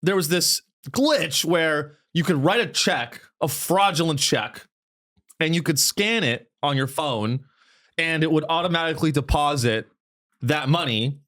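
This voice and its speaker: A man's voice: a little high, lively intonation, a little slow, a bit bright. A man hosting a comedy podcast, rambling and profane, often breaking into mocking impressions. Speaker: podcast host. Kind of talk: casual comedic podcast chat.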